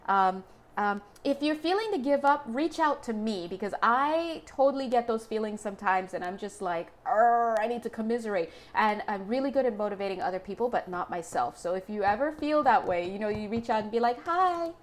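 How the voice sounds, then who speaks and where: A woman's voice: mid-range voice, animated, fairly quick. A young woman doing a casual tarot reading to camera, chatty and joking, laughing often. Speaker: tarot reader.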